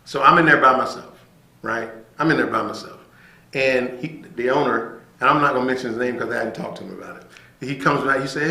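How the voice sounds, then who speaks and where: Animated storytelling man, bright roomy sound. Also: mid-range voice, fast talker, vocal fry. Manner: animated, acts out quoted voices, says "right?" often. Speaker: podcast guest. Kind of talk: casual storytelling.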